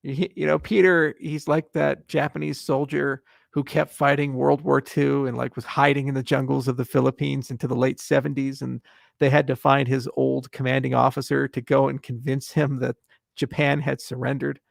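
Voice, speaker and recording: A man hosting a casual livestream Q&A, reading viewer questions aloud and answering with wry, deadpan jokes. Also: mid-range voice, moderate pace, gravelly, no echo, clean studio sound.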